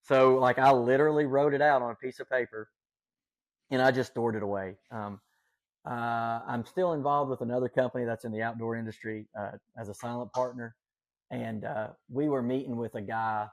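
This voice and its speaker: In a mid-range voice with no room sound, a podcast guest with a Southern Appalachian accent spins casual stories. He comes across as folksy and eager, leaning heavily on fillers.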